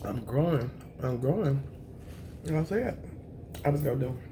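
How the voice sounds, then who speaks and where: A woman, chatting to camera on her eating show, emotional and thankful, with a voice that is raspy at times. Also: very deep voice, animated, moderate pace, noisy background. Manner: emotional, thankful, says y'all often. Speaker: mukbang vlogger.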